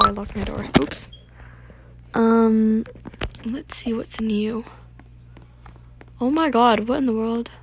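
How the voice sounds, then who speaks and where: A female gaming YouTuber talks through her gameplay in a casual, gushing way, piling up exclamations of excitement. Her voice sits on the high side with a gravelly fry. She reads on-screen game text aloud between reactions. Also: noisy background.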